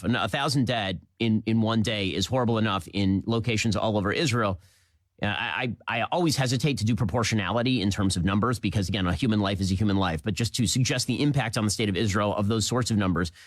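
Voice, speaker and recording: A man hosting a political commentary show, delivering a rapid, emphatic, indignant monologue with repeated phrases. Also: lowish voice, no room sound.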